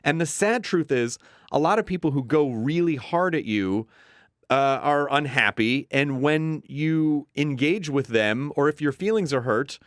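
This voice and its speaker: A man's voice: on the high side, lively intonation, measured pace, fairly bright tone, no echo. A man, a TV host, talking as a guest in a casual studio interview, reflective and rambling, acting out quoted voices.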